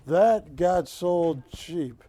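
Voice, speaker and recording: High-voiced, jokey man calling auction bids. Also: animated, extremely slow, dark tone. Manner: jokey, chatty, calls bids and counts them down. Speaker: auction host. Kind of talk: live shopping-channel auction patter. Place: TV studio.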